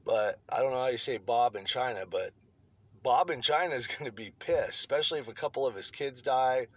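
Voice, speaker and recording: A man's voice: mid-range voice, fairly quick. A man delivering a blunt, profane opinion rant to his online viewers. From United States. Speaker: vlogger.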